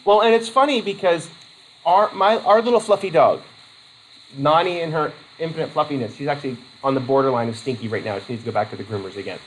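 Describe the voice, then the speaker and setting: A man's voice: fairly high pitch, fast, a little hiss or hum, low-quality recording. A man from Vermont giving a casual college lecture, rambling with jokey asides.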